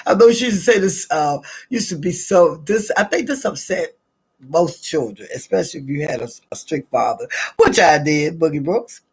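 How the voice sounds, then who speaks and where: A middle-aged woman from the American South talks in a chatty, drawling Southern accent. Her voice is gravelly and husky, with a rough texture. She rambles warmly through stories and laughs often. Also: low-pitched, animated, moderate pace. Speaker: vlogger. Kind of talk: casual morning chat and storytelling.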